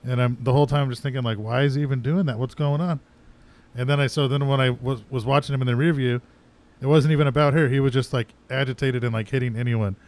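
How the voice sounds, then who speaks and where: A man's voice: mid-range voice, fairly even intonation, darkish tone. A man co-hosting a radio show, telling stories casually and laughing along. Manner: quick storytelling, laughs along. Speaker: co-host. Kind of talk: casual chat.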